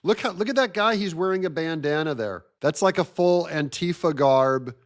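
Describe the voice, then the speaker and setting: A man's voice: a little high, moderate pace. Sarcastic man commenting on clips. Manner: sarcastic, mocking. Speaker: show host. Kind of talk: commentary over video clips.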